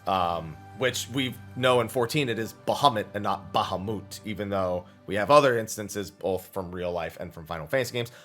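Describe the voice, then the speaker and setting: A man's voice: on the low side, normal speed, hardly any pauses, fairly bright tone, faint music behind. A man hosting a weekly Q&A show, answering viewer questions in an enthusiastic, explanatory way, with long run-on thoughts. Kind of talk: casual Q&A explanation.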